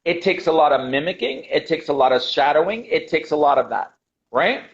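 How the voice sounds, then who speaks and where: Emphatic American man, high voice. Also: animated, brisk. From United States. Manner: emphatic, repeats key points, calls the host brother. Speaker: English teacher, guest. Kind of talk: passionate interview talk. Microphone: video call. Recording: dull lo-fi video call audio.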